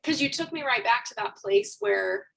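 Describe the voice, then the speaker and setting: Woman guest, gravelly voice, sitting back from the mic, candid and emotional. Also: fairly high pitch, expressive, normal speed, a bit bright, distant mic, low-quality recording. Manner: open and emotional. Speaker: life coach, podcast guest. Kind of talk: candid personal storytelling.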